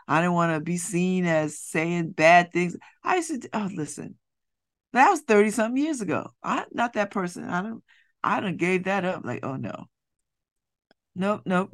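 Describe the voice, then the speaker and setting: A middle-aged woman hosting a radio show, talking in an animated, repetitive way with laughing asides. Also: on the low side. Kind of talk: casual monologue. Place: radio studio.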